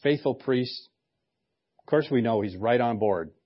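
A male pastor who preaches casually and keeps tossing in wry jokes. His voice is mid-pitched and easygoing. The recording sounds a little dull, like a church sermon capture. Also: measured pace. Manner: conversational, joking asides.

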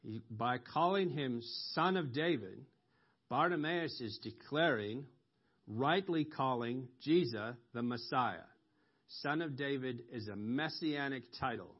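A man preaching a sermon, explaining scripture slowly with pauses and ums, rising sharply when he quotes a cry for mercy. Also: medium pitch, lively intonation, slightly rough. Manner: slow, explanatory, with ums and emphatic rises on quoted cries. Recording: dull lo-fi recording.

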